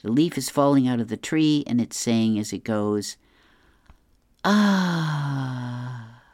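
A woman's voice: very deep voice, normal speed, dark tone, clear, resonant tone, no echo, clean studio sound. A woman reading newspaper comic strips aloud, describing each panel and chuckling at the jokes.

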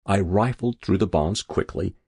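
Gravelly man reading a wry story. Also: deep voice, normal speed, mellow, dry recording. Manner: wry, dry first-person storytelling. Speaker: narrator. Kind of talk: audiobook narration.

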